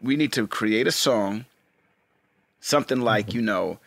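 A man co-hosting a podcast, excitable and playful, chatting casually with his friend. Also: fairly low pitch, a little slow, gravelly, pauses often, no echo, studio quality. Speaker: podcast co-host. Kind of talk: casual chat.

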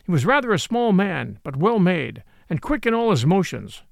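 A man reading a classic novel aloud as an audiobook, in a gentle storytelling manner. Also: high voice, very animated, normal speed, vocal fry, dry recording, clean studio sound. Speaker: audiobook narrator. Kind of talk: scripted narration of a classic novel.

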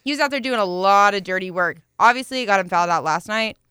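A young woman co-hosting a sports podcast in casual talk, playful and quick to laugh. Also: mid-range voice, sharp tone, smooth, dry recording, clean studio sound.

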